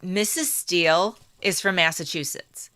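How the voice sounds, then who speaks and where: A woman co-hosts a relaxed history podcast and works carefully through the story from her notes. Her voice is bright and clear but sits a little low, and she speaks at an unhurried, deliberate pace. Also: no echo, clean studio sound. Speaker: podcast co-host. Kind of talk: casual history podcast chat.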